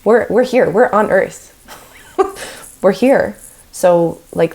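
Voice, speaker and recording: Chatty woman with a low, gravelly voice. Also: unhurried. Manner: animated, laughs often, chatty. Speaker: podcast guest. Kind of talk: casual podcast conversation.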